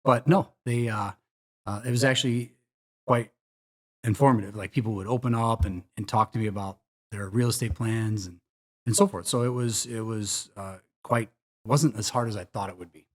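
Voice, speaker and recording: Low-voiced man telling his career story. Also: normal speed. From Chicago area. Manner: rambling, many fillers and restarts. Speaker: podcast guest, commercial real estate broker. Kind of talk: casual interview chat.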